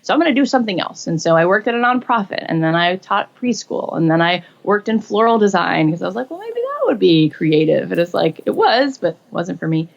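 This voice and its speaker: A woman in her forties tells her story in a relaxed interview, her mid-pitched voice carrying a gravelly fry at the ends of phrases. She animates her tale by leaping up in pitch whenever she quotes someone. The recording sounds a little dull and lo-fi. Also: fairly quick, few pauses. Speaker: guest.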